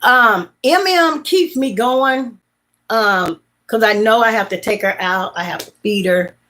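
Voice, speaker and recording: A woman's voice: a little high, measured pace, a bit bright. A woman, hosting a casual livestream and telling rambling, repetitive, heartfelt stories. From Mississippi, USA. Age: late 50s. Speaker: livestream host.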